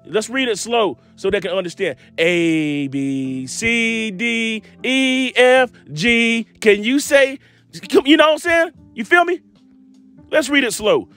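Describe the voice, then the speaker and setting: A man preaching an impromptu scripture lesson, reading verses slowly and mixing in street slang and blunt asides. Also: extremely high pitch, expressive, fairly bright tone, faint music behind. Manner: preaching, reads scripture slowly and drawls key words; street slang, repeats himself, laughs at his own jabs.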